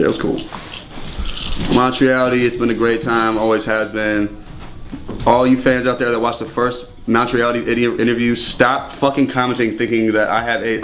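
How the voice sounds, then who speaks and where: Profane, rambling young man. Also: mid-range voice. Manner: profane, rambling, laughs often. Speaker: interview guest. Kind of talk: casual storytelling.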